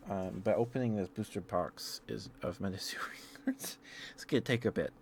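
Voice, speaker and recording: A man streaming ASMR, chatting casually and excitedly with viewers in a rambling, friendly way. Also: on the low side, a little hiss or hum. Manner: excitable, rambling, with fillers and quick laughs. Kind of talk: casual live-stream chat.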